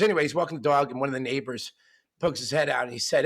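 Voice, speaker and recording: A man co-hosting a podcast, telling a joke as an animated storyteller. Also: mid-range voice, fast. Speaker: podcast co-host.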